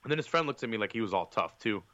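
A man's voice: lowish voice, lively intonation, very fast, a bit bright, dry recording, dull audio. A man on a podcast telling a long, profane, rambling story in casual chat, with lots of fillers. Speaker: podcast co-host.

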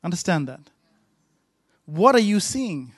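A man's voice: high-pitched, sing-song, measured pace, no echo. A man pastor preaching a sermon with emphatic, repetitive rhythmic phrasing.

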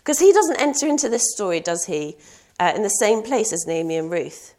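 A woman's voice: medium pitch, expressive, a little fast, a little mellow. A young woman preaching a sermon in an earnest, personal way, asking rhetorical questions.

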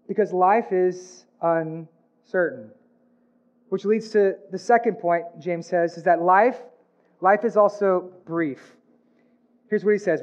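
A man preaching a sermon in an earnest way, rising on his questions and dropping soft and low on somber lines. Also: normal speed, muffled recording. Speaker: pastor.

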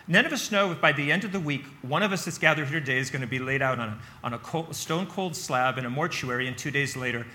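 Bright-voiced preacher, emphatic. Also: male voice, fairly high pitch. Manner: emphatic, repeats phrases, asks "right?". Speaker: pastor. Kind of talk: sermon. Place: barn.

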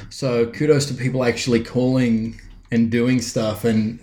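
A man's voice: mid-range voice, darkish tone. A man co-hosting a casual chat and talking with frequent fillers and restarts. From born outside the US. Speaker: podcast co-host. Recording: echoey room.

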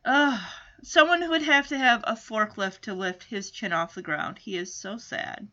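A woman's voice: a little high, moderate pace, sharp tone. A woman recapping a TV episode in a casual chat, joking and adding indignant asides. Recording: dull lo-fi audio.

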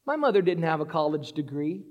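A man preaching a sermon in a church sanctuary. He talks with animation and acts out Bible scenes in quick voices. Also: fairly high pitch, sing-song, long reverb tail, highs cut off.

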